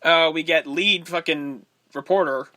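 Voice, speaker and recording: A man's voice: on the high side, a little slow, pushed and bright, no room sound. A man co-hosting a podcast, eagerly walking through a movie plot with casual swearing and easy laughs. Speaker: podcast co-host. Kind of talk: casual movie recap chat.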